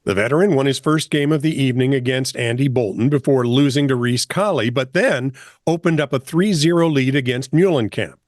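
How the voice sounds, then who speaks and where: A man's voice: medium pitch, fairly quick, darkish tone, no room sound, clean studio sound. A man co-hosting a comedy news podcast, reading headlines in a chatty way and laughing often. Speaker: co-host. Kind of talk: casual news banter.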